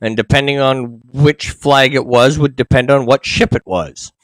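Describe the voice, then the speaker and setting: A man with a Canadian accent hosting a casual history chat, explaining details in a relaxed way. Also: mid-range voice, normal speed, no room sound. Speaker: show host.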